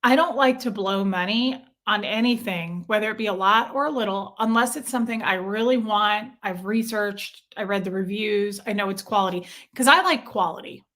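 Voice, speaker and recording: A woman's voice: medium pitch, moderate pace, hardly any pauses, a bit bright. A woman hosting a casual livestream, chatting with viewers and venting in a talkative, repetitive way. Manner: chatty, venting, repeats herself. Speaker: livestream host reading chat.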